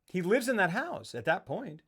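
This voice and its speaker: A man's voice: high voice, very animated, normal speed, a bit bright, slightly rough. Man, podcast co-host, casual film chat, rambling, quotes scenes in voices.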